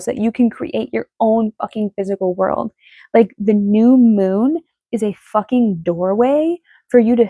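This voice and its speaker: A woman giving a casual tarot reading, excitable and emotional, swearing freely as she talks. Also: medium pitch, dry recording. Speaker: tarot reader.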